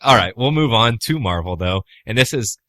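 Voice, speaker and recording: A man's voice: medium pitch, animated, normal speed, fairly bright tone, no room sound. A man co-hosting a podcast, chatting casually and arguing his point with teasing and swearing. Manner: argumentative, teasing, swears freely. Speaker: podcast co-host. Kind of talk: casual chat.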